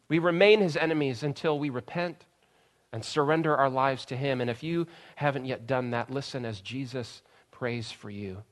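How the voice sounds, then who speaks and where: This earnest sermon comes from a thirty-something pastor with a mid-range voice, who shifts between quiet, slow stretches and loud bursts of emphasis.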